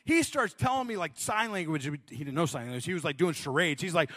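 Bright-voiced preacher man in a reverberant hall. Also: a little high, fast talker, hardly any pauses. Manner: animated, self-deprecating, laughs often. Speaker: pastor. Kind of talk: sermon with humorous storytelling.

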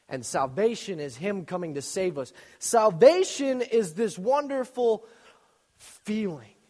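Animated young man preaching in a reverberant hall. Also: a little high. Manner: animated, joking storyteller with sudden loud bursts. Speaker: youth speaker. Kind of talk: casual sermon.

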